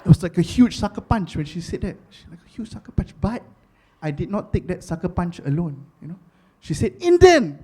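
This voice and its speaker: A young man from Singapore with a Singaporean accent, doing stand-up comedy with animated storytelling and Singlish phrasing. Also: high voice, brisk, slightly rough.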